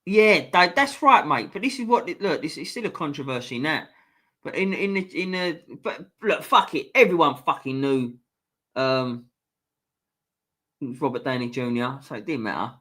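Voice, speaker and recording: Sweary, lively man hosting a stream. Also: fairly high pitch, moderate pace. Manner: sweary, chatty, reacting to viewer comments. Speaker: livestream host reading chat. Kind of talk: casual live chat.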